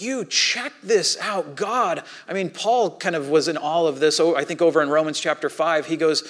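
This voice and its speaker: A man in his thirties preaching a sermon, telling a family story with animated, acted-out voices. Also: on the high side, normal speed, few pauses. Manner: animated storytelling, acts out his own panic and shouting. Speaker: pastor.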